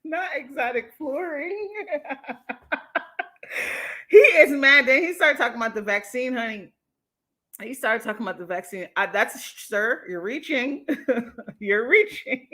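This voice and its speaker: A woman hosts a livestream and reacts to a clip in loose, slangy commentary, laughing often as she talks. Her voice sits a little high. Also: measured pace, long pauses, sharp tone. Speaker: livestream host.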